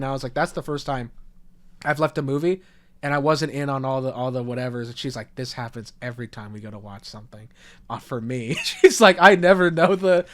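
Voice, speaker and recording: A young man co-hosting a podcast, telling stories animatedly, swearing and acting out what people said. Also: a little high. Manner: animated storyteller, swears, acts out quotes. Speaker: podcast co-host. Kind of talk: casual podcast chat.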